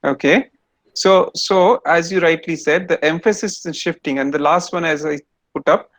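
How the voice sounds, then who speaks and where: A man's voice: fairly high pitch, normal speed, a bit bright, no room sound. A man giving an online lecture to students over a video call, explaining step by step and quizzing them.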